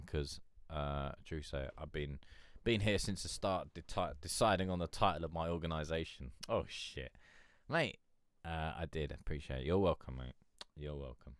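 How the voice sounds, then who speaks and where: A man's voice: a bass voice, moderate pace, few pauses, smooth, no room sound, studio quality. A man hosting a music review stream, rambling and joking in casual chat. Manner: rambling, joking, swears, laughs a lot.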